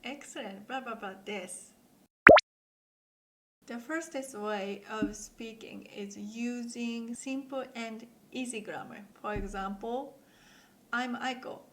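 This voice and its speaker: A Japanese woman with a Japanese accent, giving a patient beginner language lesson with slow, clear demonstrations. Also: a little high, background noise. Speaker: language teacher.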